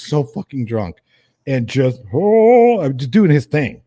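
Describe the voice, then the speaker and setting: A man's voice: medium pitch, slow. A man hosting a casual stream, telling a rowdy story with lots of swearing and laughter. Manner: animated, profane, laughing storyteller. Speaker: host.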